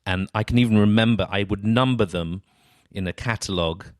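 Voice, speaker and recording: Deep-voiced host musing aloud. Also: male voice, fairly quick, a little mellow, no echo. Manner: thinks aloud, many fillers and restarts. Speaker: podcast host. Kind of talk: casual interview chat.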